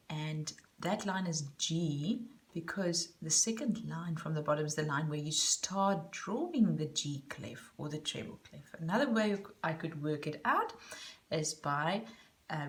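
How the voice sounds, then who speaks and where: Slow-spoken low-voiced woman teacher. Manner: patient, explains step by step, counts beats aloud. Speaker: music teacher. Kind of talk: recorder lesson for children.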